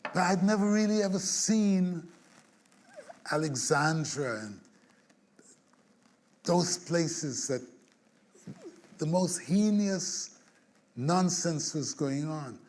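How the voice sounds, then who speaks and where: A man with a slightly high voice tells a story about writing a song, acting out each scene. He hums fragments of melody and chuckles as he goes, like a songwriter spinning a tale in an interview. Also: takes it slowly, long pauses. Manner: animated storyteller who acts out scenes and hums tunes; chuckles through his stories. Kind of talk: storytelling anecdote.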